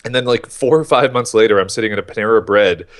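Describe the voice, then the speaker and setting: A man's voice: lowish voice, quick pace. A man in his thirties, a guest on a podcast, telling his story in casual talk and acting out his own thoughts. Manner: animated storyteller, acts out his own inner voice.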